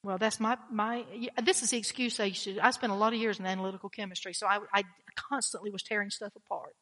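A woman's voice: medium pitch, fairly even intonation, fast, pushed and bright, big-room sound. A woman pastor preaching a blunt, emphatic sermon, often repeating her key phrases.

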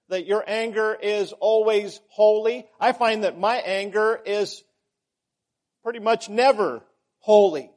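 A man delivers a sermon at an unhurried pace, his voice sitting high. He builds emphasis through repetition, lifting on key words, then dropping back to a measured teaching tone. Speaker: preacher.

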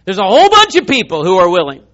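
A male preacher giving an animated, emphatic sermon, acting out scenes. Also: sits high, fast talker. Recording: muffled lo-fi sound.

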